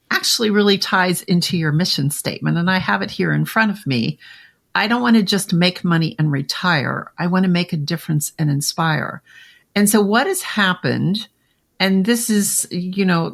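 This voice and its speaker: A middle-aged woman hosts a conversational interview, setting up long questions and affirming her guest with frequent murmurs. Her voice is lower than usual and carries some vocal fry. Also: fairly bright tone. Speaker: podcast host.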